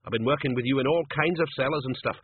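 A man's voice: mid-range voice, fast, slight background noise, pitched above the performer's own voice, lightly acted. A man reading aloud, voicing a tough, bossy gang leader who talks bluntly and sarcastically. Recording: phone-like lo-fi recording.

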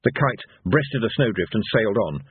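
A man narrating a fantasy audiobook in an expressive, storytelling manner. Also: on the low side, normal speed, slightly rough, no echo. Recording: tinny phone-like sound.

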